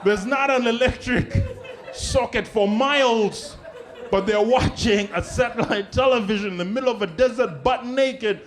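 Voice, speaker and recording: Male stand-up from Africa, high voice, animated delivery, acts out other people's voices. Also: moderate pace. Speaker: comedian. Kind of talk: stand-up comedy.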